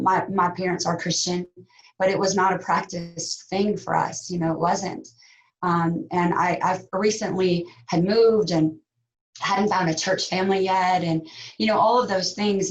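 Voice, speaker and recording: A woman guest in an interview, speaking heartfelt and reflective, with pauses and fillers. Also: medium pitch, highs cut off. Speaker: actress guest. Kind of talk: interview conversation.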